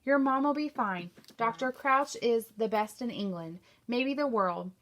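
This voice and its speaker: A woman's voice: fairly high pitch, unhurried, a bit bright. A woman reading as a kind young housemaid. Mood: gentle. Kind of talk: reading a novel aloud.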